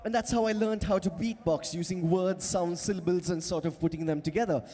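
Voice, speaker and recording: A man's voice: high-pitched, fairly even intonation, a little fast, warm tone. A man beatboxing on stage, teaching and coaxing the audience with lots of energy. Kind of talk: live stage crowd work. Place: large event hall with audience. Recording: long hall reverb.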